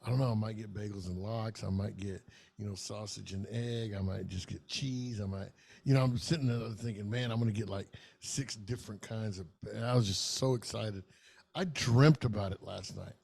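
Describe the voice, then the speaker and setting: A man's voice: on the low side, moderate pace, vocal fry, darkish tone, breathy edge. A middle-aged man, telling a long, profane, rambling story in casual podcast chat. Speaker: podcast co-host.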